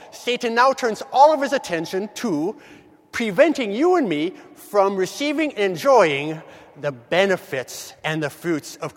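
High-voiced man preaching in a hall. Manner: measured, emphatic, stretches key words slowly. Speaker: preacher giving a devotion. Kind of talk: morning devotional reflection.

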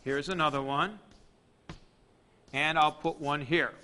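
A man teaching a Greek grammar lecture at a board, deliberate and methodical, with dry joking asides. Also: on the high side, fairly even intonation, bright, forceful tone. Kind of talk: classroom lecture.

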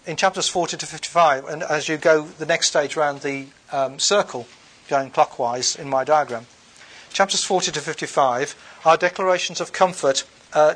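A man's voice: on the high side, a bit bright. Lecturing man reading scripture aloud. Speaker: bible lecturer.

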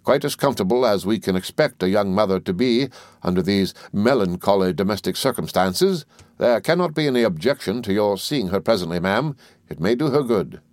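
A man voicing a mild, timid doctor who speaks softly and deferentially. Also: lowish voice, lively intonation, fairly quick, no echo, close to an everyday voice. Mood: meek soothing. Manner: soft, soothing, deferential.

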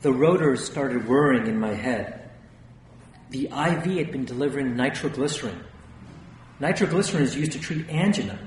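A man's voice: fairly high pitch, moderate pace. A man narrating a first-person memoir in a tense storytelling manner. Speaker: audiobook narrator. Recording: roomy, distant, faint hiss.

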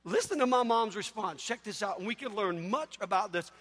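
A man preaches with a very high, bright voice, telling stories animatedly with sudden loud bursts. His voice rings through a large hall with a long reverb tail. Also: fairly quick. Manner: animated storytelling, loud outbursts. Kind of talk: sermon. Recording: echoey hall.

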